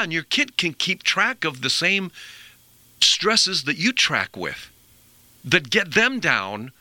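A middle-aged male radio host with a very bright, forward voice, recorded dry and close on a studio mic. He talks earnestly about health, rambling and doubling back on his words. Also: a little high, no echo. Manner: rambling, earnest, repeats himself. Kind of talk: conversational health talk.

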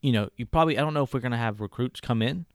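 Man, easygoing sports podcast co-host, smooth low voice, dry close sound. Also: very fast, no room sound. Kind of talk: casual sports podcast chat.

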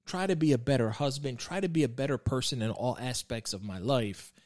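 A man's voice: medium pitch, a little fast, a little mellow. A man in his thirties talking earnestly and reflectively about faith, often repeating himself and restarting his words. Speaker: podcast guest sharing faith reflections. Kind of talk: reflective devotional talk.

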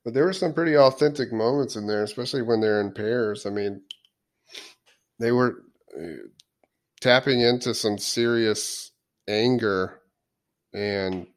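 A man's voice: medium pitch, measured pace, long pauses. A man co-hosting a casual discussion, thoughtful and hesitant, with frequent ums. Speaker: podcast co-host.

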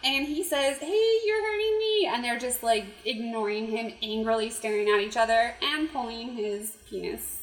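A woman co-hosting a podcast, retelling a story in casual chat with animated, giggly delivery. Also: on the high side, normal speed, roomy sound, rough recording. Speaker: podcast co-host.

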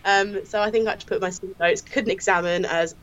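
Woman guest, lively storyteller, laughs a lot, voices quotes, slightly dull lo-fi sound. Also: mid-range voice, fairly quick. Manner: animated, laughing storyteller who acts out quotes. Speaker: crime scene investigator guest. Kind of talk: casual anecdote telling.

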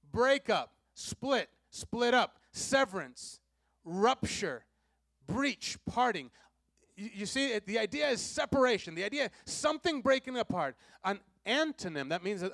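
A male pastor preaching in a high voice, drawing the congregation into call-and-response. He repeats key lines for weight and swings from loud, pressing emphasis to soft, low asides. The sound is dry and close, with almost no room. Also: no room sound. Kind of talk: sermon.

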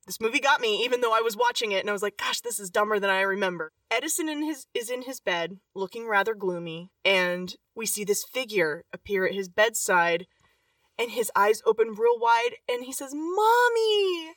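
A woman's voice: medium pitch, big pitch swings, fairly quick, fairly bright tone, dry recording, far from the mic. A woman co-hosting a podcast, recapping a film in casual chat with gushing asides and laughter. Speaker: podcast co-host.

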